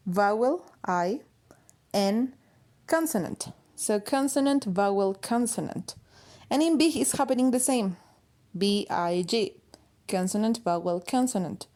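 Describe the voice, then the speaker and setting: Woman, English teacher, medium pitch; patient, step-by-step grammar explanation with frequent "okay?" check-ins. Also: a little mellow. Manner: patient, spells words out letter by letter, checks in with "okay?". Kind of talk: grammar lesson explaining slides.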